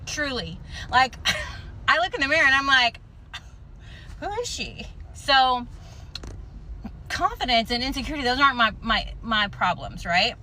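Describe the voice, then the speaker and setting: A woman's voice: high-pitched, animated, moderate pace, long pauses, bright, forceful tone, slight background noise, low-quality recording. A woman telling a story in a casual, self-assured, chatty way.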